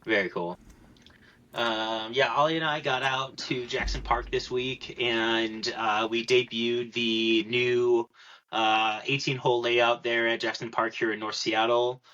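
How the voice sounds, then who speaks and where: A man's voice: medium pitch, fairly even intonation, a little slow, pushed and bright, highs cut off. A young man hosting a podcast, chatting in an easygoing way and laughing along with his co-hosts. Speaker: podcast host. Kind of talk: casual chat.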